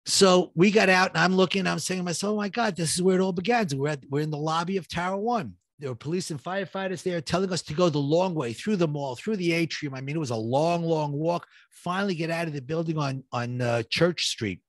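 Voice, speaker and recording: A middle-aged man recounts a gripping personal story, switching into the voices of the people he met along the way. His voice sits a little high for a man. The sound is close and dry, with no room around it. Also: fairly quick, few pauses, dry recording. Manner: vivid, reenacts dialogue, builds suspense. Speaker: guest telling his story.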